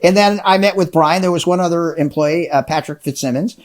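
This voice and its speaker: A man's voice: on the high side, fairly quick. A middle-aged man, an entrepreneur and interview guest, telling his story with lots of energy and enthusiasm in a casual chat. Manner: energetic, enthusiastic, acts out dialogue.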